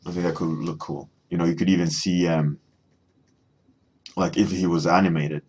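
A man's voice: low-pitched, flat delivery, normal speed, darkish tone, husky. A man chatting casually while he paints on a live stream, rambling with many fillers and reading viewer chat. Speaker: artist streaming a painting warmup.

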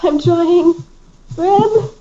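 Blunt, teasing woman gaming, high voice. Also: drawn-out words, a crowd in the background. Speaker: gamer. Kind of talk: casual gameplay chat. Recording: dull lo-fi mic with faint noise.

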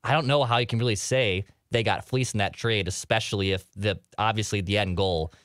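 A man co-hosting a sports podcast, speaking in a measured, deliberate way. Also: lowish voice, a bit bright, no room sound, clean studio sound. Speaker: podcast co-host. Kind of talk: casual sports chat.

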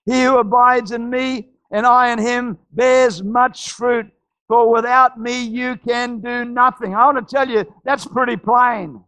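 A man preaching a sermon as pastor, telling stories with frequent restarts and shouted climaxes. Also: very high voice, fairly even intonation, measured pace, no echo. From Australia.

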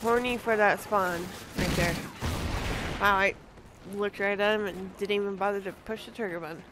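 A woman's voice: mid-range voice, fairly even intonation, normal speed. Young woman, gameplay commentary, profane, trash-talking, game noise behind. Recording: noisy game audio behind.

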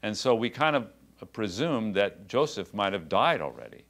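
A man's voice: fairly low pitch, big pitch swings, moderate pace. Man preaching a passionate sermon. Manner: builds to passionate, rising emphasis; conversational asides with quiet drops. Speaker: pastor.

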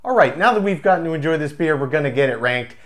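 A man's voice: a little high, animated, quick pace, a bit bright. Enthusiastic man reviewing a beer. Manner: enthusiastic, descriptive, savoring each word. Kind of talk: casual tasting review.

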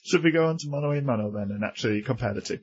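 A man co-hosting a podcast in casual chat, chatty and quick to laugh. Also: medium pitch, highs cut off, very noisy. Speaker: podcast co-host.

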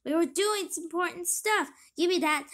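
A woman's voice: very high voice, moderate pace, a bit bright, voice pushed up. A woman voicing an impatient male police chief who barks orders. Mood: annoyed. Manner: barking orders.

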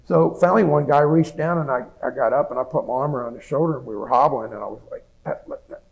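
A man's voice: mid-range voice, quick pace, gravelly, poor audio. A man in his seventies, a veteran giving an oral history interview, telling his story plainly with frequent restarts and repeated words. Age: 70s.

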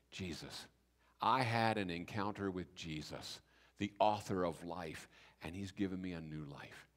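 A man preaching a sermon as pastor, telling the story with lively acted-out dialogue. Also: mid-range voice. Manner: animated storytelling, acting out biblical speakers in voice. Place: church sanctuary. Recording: reverberant church hall.

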